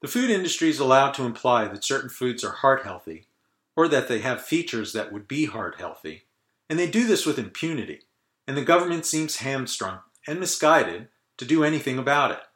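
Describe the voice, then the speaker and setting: 50-ish guy doing a dry sarcastic podcast rant, lively up-and-down delivery, roomy echo. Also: medium pitch, brisk. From northern United States. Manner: dry, sardonic. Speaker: podcast host.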